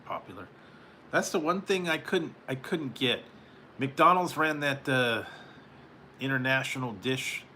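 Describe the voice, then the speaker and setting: A live-stream host from California reads chat and talks casually with viewers, rambling and chuckling often between remarks. His medium-pitched voice sounds pushed and bright, with slight background noise.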